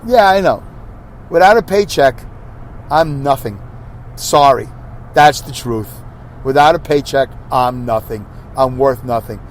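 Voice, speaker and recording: A man's voice: mid-range voice, unhurried, pauses often, a little hiss or hum. A middle-aged man hosting his own podcast, talking through a hard stretch of his life in an earnest, rambling, confessional monologue. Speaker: podcast host.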